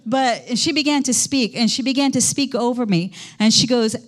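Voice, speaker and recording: A woman's voice: fairly high pitch, moderate pace. A middle-aged woman pastor preaching a conversational sermon in a church, quizzing the congregation as she goes.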